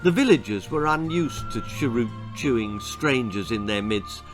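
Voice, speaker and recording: A man's voice: mid-range voice, expressive, moderate pace, faint music behind. A man, the author, reading a children's horror-comedy story aloud in a playful, theatrical way.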